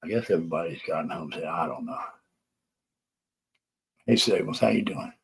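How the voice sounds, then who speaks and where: A man's voice: deep voice, expressive, moderate pace, creaky, a bit bright, a little hiss or hum. A man hosting a casual live stream, rambling and profane as he defends himself, out of breath. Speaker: livestream host.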